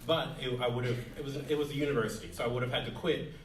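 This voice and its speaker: A male host chatting casually on stage, halting, with many ums and restarts. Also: mid-range voice, steady tone, slight background noise. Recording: echoey hall, distant mic, audience.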